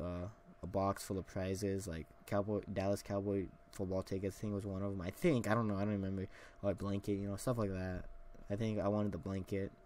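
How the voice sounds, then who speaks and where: A young man with a slightly low voice hosts a solo podcast episode, wandering through a childhood story. He talks casually, full of "uh" and "like" and restarts. A faint background hiss sits under the recording. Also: darkish tone. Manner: rambling, many fillers and restarts. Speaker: podcast host.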